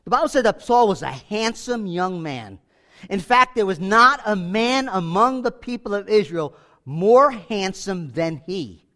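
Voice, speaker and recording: High-voiced animated preacher man. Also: measured pace. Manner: animated, acts out voices of biblical figures. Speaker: pastor. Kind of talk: sermon.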